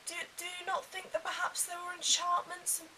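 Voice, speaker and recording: A young woman chatting casually to camera, animated and full of quick asides. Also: extremely high pitch, distant mic, low-quality recording. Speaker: vlogger. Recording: faint hiss.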